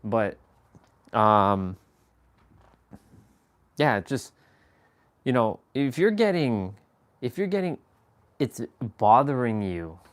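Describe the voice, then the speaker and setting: A man's voice: on the low side, sing-song, drawn-out words, long pauses. A man hosting a live stream, chatting casually in a rambling, slangy way with chuckling asides. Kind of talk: casual chat.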